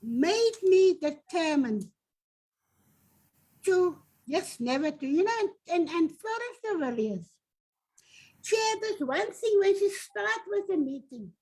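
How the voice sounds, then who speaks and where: An older woman with a South African accent speaks slowly in a very high voice over poor audio. Leading a domestic workers' union, she appears as an interview guest, earnestly and animatedly telling stories from years gone by.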